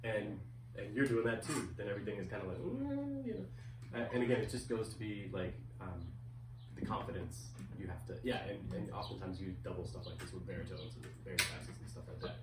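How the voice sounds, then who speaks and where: A man's voice: low-pitched, fairly even intonation, a little fast, background noise. A man teaching a one-on-one music lesson, patiently counting beats and singing rhythms aloud. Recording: roomy, distant mic with music.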